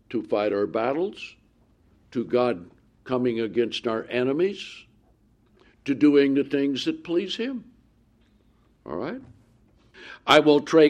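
Slow, emphatic male preacher. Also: mid-range voice. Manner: slow, emphatic Bible reading with rising declamation; asks the listeners questions and answers them himself. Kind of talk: sermon.

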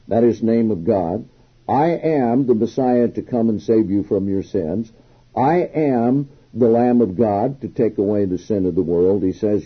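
A man's voice: fairly low pitch, animated, normal speed, highs cut off. A man preaching a sermon, reading scripture verses aloud and explaining them, lifting his voice emphatically on the quotes. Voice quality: very husky. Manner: reads scripture aloud then comments, rising emphatically on quotes. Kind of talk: sermon, Bible exposition.

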